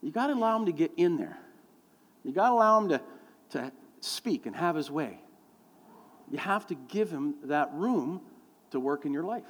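Predicador de voz aguda en una sala con eco. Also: male voice, on the high side, animated, normal speed, long pauses, a bit bright. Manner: folksy storytelling with many fillers, acting out quoted voices. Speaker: pastor. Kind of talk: sermon. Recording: long hall reverb.

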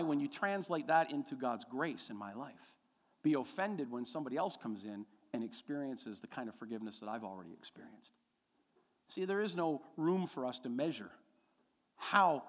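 Pastor preaching with lively, rising emphasis. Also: male voice, medium pitch, long reverb tail. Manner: storytelling, rising to emphatic repeated declarations. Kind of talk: sermon.

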